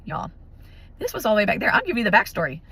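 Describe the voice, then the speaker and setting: A woman's voice: medium pitch, quick pace, husky. A woman, casually telling a personal faith story to her viewers, chatty and full of restarts. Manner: chatty, animated, many restarts and fillers. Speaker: vlogger sharing a testimony.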